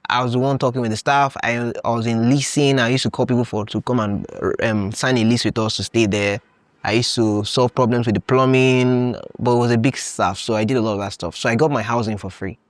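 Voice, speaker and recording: A young man from Nigeria talks through a casual podcast monologue with an animated, storytelling energy. He laughs easily and slips into playing his own past self in quoted asides. His voice sits mid-range and sounds dry and close, with no room around it. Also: mid-range voice, a little fast, no echo. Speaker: podcast host.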